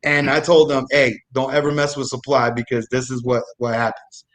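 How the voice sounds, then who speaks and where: A man's voice: mid-range voice, little pitch movement, moderate pace, a bit bright. A young man telling a loose, profane story about his military days on a live comedy show, with frequent restarts. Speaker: guest storyteller, former military supply.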